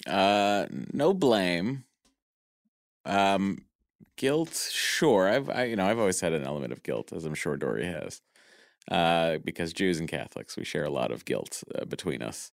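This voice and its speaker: A man talks casually as a guest, rambling and joking with plenty of ums and uhs. His voice is very deep, and the recording is dry and close. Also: very animated, a little slow, creaky, no room sound. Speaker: podcast guest. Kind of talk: casual chat.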